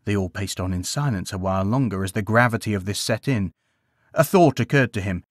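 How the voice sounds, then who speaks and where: A man narrating a bedtime story in a gentle, expressive storytelling manner. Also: lowish voice, fairly quick, no room sound, clean studio sound.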